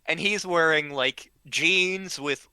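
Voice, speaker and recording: A man's voice: a little high, pushed and bright, clear, resonant tone, no room sound. A man telling a casual story, full of ums and restarts and acting out what people said. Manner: halting, full of ums and restarts, acts out quoted lines.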